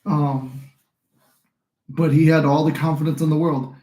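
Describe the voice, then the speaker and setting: Young male host, slightly high, mellow voice, rambling, encouraging livestream talk, echoey room. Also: level tone, unhurried. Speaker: livestream host and manifesting coach. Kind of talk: casual live-stream advice talk.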